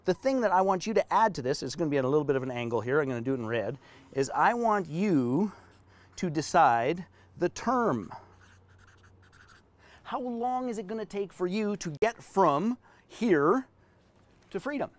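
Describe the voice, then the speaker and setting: A man's voice: high voice, big pitch swings, normal speed, long pauses. A man teaching business owners on a live stream, talking them through a whiteboard drawing with emphatic, story-driven delivery. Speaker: business coach.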